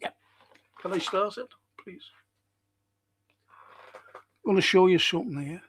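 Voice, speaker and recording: A high-pitched man chats his way through a live-streamed local history show. He talks slowly and rambles, reads out viewers' comments, and swears freely along the way. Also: animated, husky.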